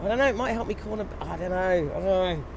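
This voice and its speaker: Streamer, fairly high voice, rambling chat while racing at his home rig, noisy background. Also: expressive, fast talker, vocal fry. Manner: chatty, rambling, reacting to the race mid-sentence. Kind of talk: casual live-stream commentary while racing.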